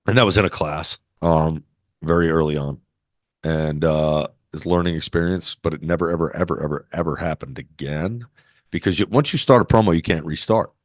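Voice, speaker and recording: A former wrestler with a bass voice tells stories as a guest in a casual interview, brash, swaggering, and profane. He talks at a moderate pace, and the studio-quality recording has no room sound.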